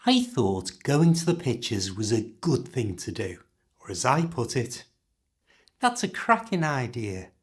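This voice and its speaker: A man with a British accent teaching English learners, explaining everyday phrases and slowly modelling how to pronounce them. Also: mid-range voice, very animated. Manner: clear, slow modelling of pronunciation.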